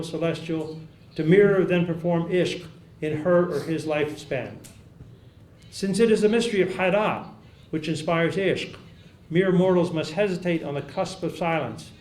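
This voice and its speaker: A man delivers a measured academic lecture, pausing to repeat key phrases and quoting sources with care. His voice sits a little high. The sound carries the echo of a large lecture hall. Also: darkish tone. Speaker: academic speaker. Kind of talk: conference lecture.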